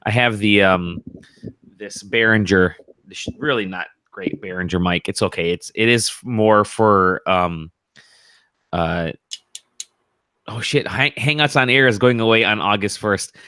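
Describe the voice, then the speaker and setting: A man's voice: fairly low pitch, measured pace, sharp tone, smooth, dry recording. A man hosting a podcast, in loose, profane banter. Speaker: podcast host. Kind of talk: casual podcast chat.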